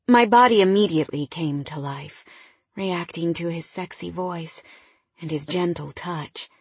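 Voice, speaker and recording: Woman narrator for first-person romance; soft, breathy, slightly low voice, dry recording. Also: measured pace, dry recording. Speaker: audiobook narrator.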